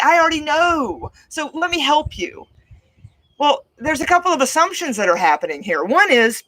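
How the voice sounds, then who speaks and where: A middle-aged woman host giving a casual motivational talk, expressive and acting out what parents say. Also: a little high, low-quality recording. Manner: expressive, acts out quoted parents.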